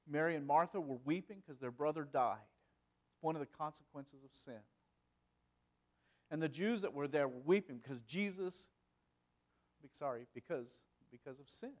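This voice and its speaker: Man preaching, from loud to hushed. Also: a little high, normal speed, long pauses. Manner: swings from loud emphasis to hushed, quiet delivery; asks rhetorical questions. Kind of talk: sermon.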